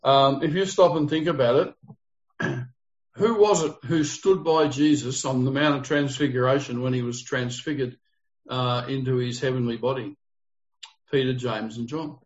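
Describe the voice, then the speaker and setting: A man's voice: mid-range voice, fairly even intonation, normal speed. A man leading an interactive Bible study, explaining the text earnestly and putting questions to his group. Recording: dull lo-fi recording.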